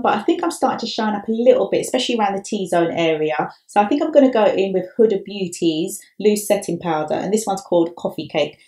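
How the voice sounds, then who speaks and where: A woman's voice: medium pitch, a little mellow. A woman makeup artist talking through a tutorial step by step in a chatty, upbeat way.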